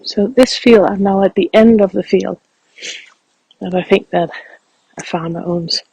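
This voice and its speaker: Breathy, soft-spoken man guiding a walk. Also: sits high, unhurried, no echo, rough recording. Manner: calm, reflective, soft-spoken. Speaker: meditation guide. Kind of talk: guided walking meditation. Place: outdoors, walking through a field.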